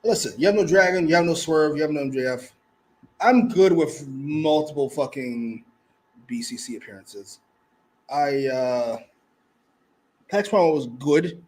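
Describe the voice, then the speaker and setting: A man co-hosting a casual wrestling review show, talking in a jokey, profane, animated way. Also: fairly high pitch, a little slow, long pauses, poor audio. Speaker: co-host.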